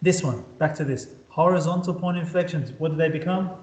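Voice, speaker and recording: A man's voice: on the high side, fairly quick, a little mellow. A man tutoring calculus at a whiteboard who repeats words as he draws and keeps quizzing his student. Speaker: maths tutor. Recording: echoey room.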